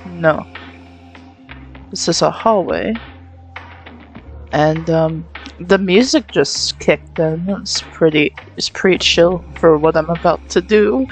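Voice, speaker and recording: A woman's voice: on the low side, fairly even intonation, slow, soft background music. Giggly self-mocking woman gaming. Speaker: gamer playing through a game. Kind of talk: let's-play commentary.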